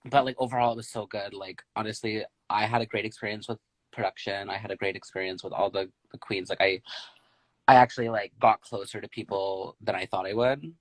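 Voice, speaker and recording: Low-voiced easygoing guest, dry sound. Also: male voice, fairly even intonation, brisk, dry recording, rough recording. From Canada. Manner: easygoing, filler-heavy, gushing. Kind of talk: casual chat.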